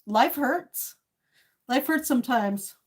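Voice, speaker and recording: A woman's voice: sits high, animated, slow pace, slightly rough. A woman in her sixties chatting on a casual live stream, emotional and tearful, swinging between laughter and tears, with many fillers. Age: 60s.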